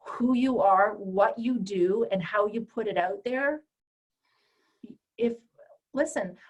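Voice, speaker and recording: A woman's voice: medium pitch, takes it slowly, lo-fi sound. A woman coach teaching a group call, speaking directly and emphatically and acting out the voices she quotes. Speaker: empowerment coach and trainer.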